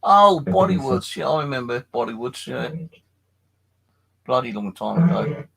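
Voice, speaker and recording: A tired man streaming late at night from his flat, telling a rambling, sweary story and chatting to viewers. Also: medium pitch, normal speed, creaky, slightly rough, low-quality recording. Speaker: paranormal live streamer. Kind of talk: casual late-night live stream chat.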